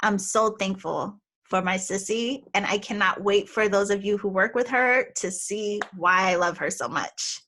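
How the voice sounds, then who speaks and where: A woman in her thirties hosting a podcast, chatting warmly with a close friend and laughing easily. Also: mid-range voice. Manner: affectionate, chatty, quick to laugh. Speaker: podcast host. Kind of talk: casual chat.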